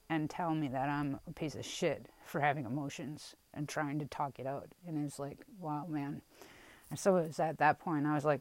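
Young adult woman vlogger, husky-low register, frank and rambling, close and dry. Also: dry recording, rough recording. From Wisconsin, US. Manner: rambling, halting, with restarts and frank swearing. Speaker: vlogger telling a personal story. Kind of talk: candid personal storytelling.

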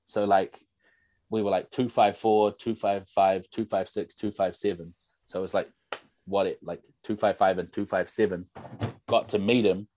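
A man's voice: deep voice, steady tone, normal speed, mellow, no room sound. A young man, a podcast guest telling stories in a casual, rambling way full of "like" and "bro". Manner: rambling storyteller, lots of "like" and "bro". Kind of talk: casual chat.

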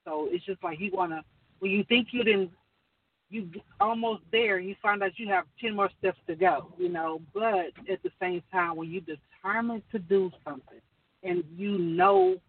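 A woman's voice: mid-range voice, breathy edge. Earnest woman on a distant phone line. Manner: earnest, rambling, many fillers. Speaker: caller sharing business advice. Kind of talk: casual chat.

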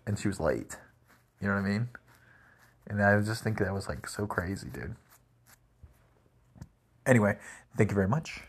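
A man's voice: on the low side, moderate pace, long pauses, slightly rough. A man telling rambling everyday stories in a casual monologue, full of "like" and "crazy". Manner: rambling, animated, lots of "like" and "crazy".

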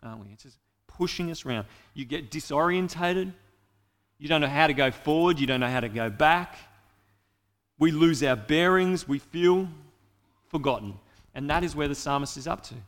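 A man's voice: on the high side, normal speed, a bit bright, long reverb tail. A man preaching a sermon in an earnest way, speaking directly to his listeners.

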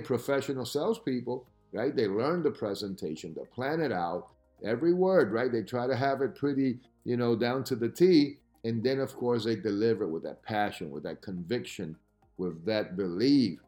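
A man giving podcast talk as a sales coach, with an emphatic, lively delivery who keeps asking "right?" as he teaches. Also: fairly low pitch.

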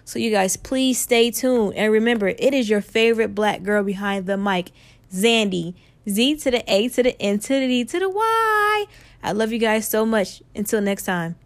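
A woman in her twenties hosting her own podcast, talking in a chatty, upbeat and animated way. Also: a little high, normal speed. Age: 20s. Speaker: podcast host. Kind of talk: casual solo podcast chat.

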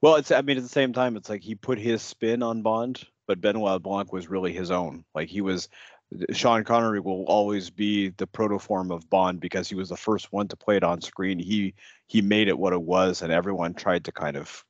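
A male podcast co-host with a very low voice, talking about a film in halting, hedging phrases. The recording is dry and slightly dull, with no room sound. He stops and restarts often. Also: fairly even intonation, no echo. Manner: halting, with frequent restarts and hedges. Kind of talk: casual film review chat.

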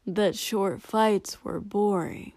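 Calm young man, slow and deadpan, slightly drunk, voiced by a woman narrator. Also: medium pitch, no room sound. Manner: slow, flat, matter-of-fact. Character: calm matter-of-fact young man, tipsy.

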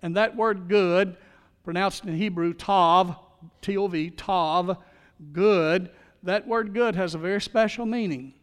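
A man's voice: high-pitched, clean tone, long reverb tail. A man preaching a sermon as pastor, in a folksy, storytelling manner.

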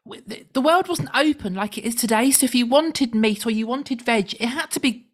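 A woman's voice: a little high, lively intonation, moderate pace. A woman co-hosting a podcast, chatting casually and explaining facts with dry jokes. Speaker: podcast co-host. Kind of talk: casual chat.

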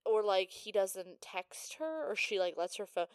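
A woman podcast co-host who picks apart a film with animated questions and casual swearing, giggling as she goes. Her pitch sits in the middle range. The sound is close and dry. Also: a little slow, smooth, dry recording. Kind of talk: casual chat recapping a movie.

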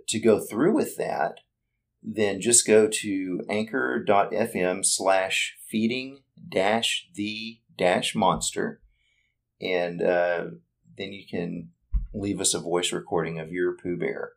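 A man's voice: low voice, gravelly, rough recording. A man hosting his own podcast, chatting casually and rambling, with lots of repeated words and fillers. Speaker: podcast host. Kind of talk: casual solo podcast chat.

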